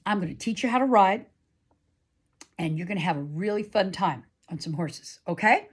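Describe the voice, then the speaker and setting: A woman's voice: on the low side, moderate pace, slightly rough. A woman voicing a cheerful, horse-crazy teenage girl who gives bossy, breezy encouragement.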